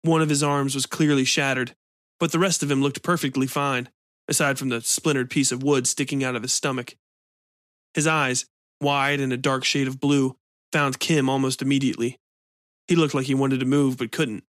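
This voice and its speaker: Man reading dark fiction, steady and measured, dry close sound. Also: mid-range voice, no echo. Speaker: narrator.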